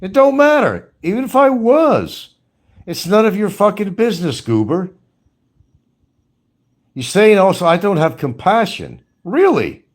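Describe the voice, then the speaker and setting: A man's voice: sits high, sing-song, unhurried, pauses often. A man ranting angrily in commentary, swearing often and firing scolding rhetorical questions. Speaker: commentary streamer.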